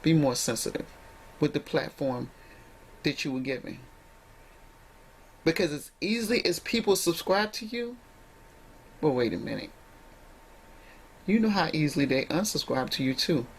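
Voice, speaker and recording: A woman's voice: low voice, very animated, normal speed, pauses often, slight background noise. Emphatic woman vlogger lecturing viewers. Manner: emphatic, preachy, addresses viewers directly. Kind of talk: direct-to-camera commentary.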